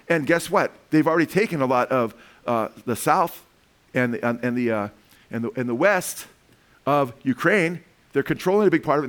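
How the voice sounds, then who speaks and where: Middle-aged male preacher, mid-pitched, rambling delivery, many restarts. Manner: rambling, animated, frequent restarts. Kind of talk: sermon with commentary.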